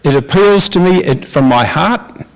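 A man's voice: high voice, animated, a little slow, rough recording. A man on a discussion panel, making blunt, skeptical, pessimistic points about policy.

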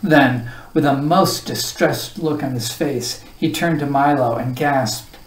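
Children's novel read-aloud, mid pitch, roomy sound, distant mic. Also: slow pace. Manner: expressive read-aloud narration. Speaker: storybook reader. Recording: roomy echo, voice far from the mic.

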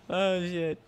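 An excitable young man commentating his own gameplay. His voice sits high and swings widely up and down. He talks in an unhurried way between his outbursts. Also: gravelly. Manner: excitable, yelling and laughing at the game. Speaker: gamer and video host.

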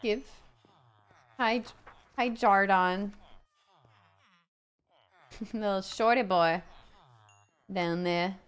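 A young woman live-streams a game, playfully chatting with viewers and game characters, reading out donations and thanking supporters. Her mid-range voice has a clean tone, with drawn-out words and long pauses.

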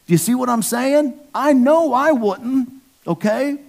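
A man's voice: very high-pitched, a little slow, gravelly, a little mellow. A man preaching a casual sermon, slangy and joking, talking straight to the congregation. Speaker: pastor.

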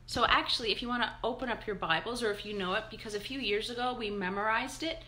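A woman's voice: fairly high pitch, fast, sharp tone. A woman pastor leading a live-streamed morning devotional, chatty and upbeat as she greets viewers by name.

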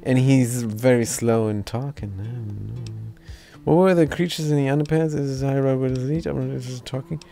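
A man streaming a game live, giving casual commentary, reading chat aloud and making relaxed asides. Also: medium pitch, normal speed, soft background music.

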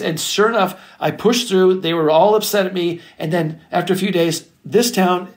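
A middle-aged record producer telling stories in an interview, animated and casual, swearing freely. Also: male voice, high voice, normal speed, hardly any pauses. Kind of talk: storytelling interview chat.

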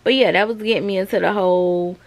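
A woman's voice: mid-range voice, steady tone, fast talker, slight background noise. A woman in her thirties, a mother chatting casually and confidingly to her viewers at home. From South Carolina, US. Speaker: vlogger, mother. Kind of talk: casual chat to camera.

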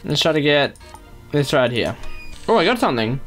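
A man chatting excitedly through a let's-play video, joking as he goes. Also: a little high, normal speed, soft background music. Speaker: gaming video creator.

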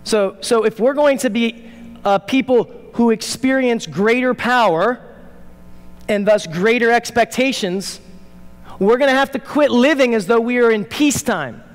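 Male pastor, high-pitched, preaching with urgent emphasis and sudden quiet asides; reverberant church room. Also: measured pace. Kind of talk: sermon. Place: church sanctuary.

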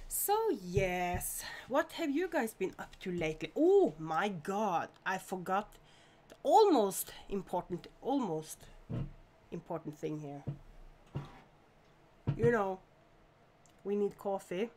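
A woman's voice: medium pitch, sing-song, slow pace, pauses often, darkish tone. A woman from Norway hosting a casual live stream, chatting and greeting viewers by name with frequent laughs.

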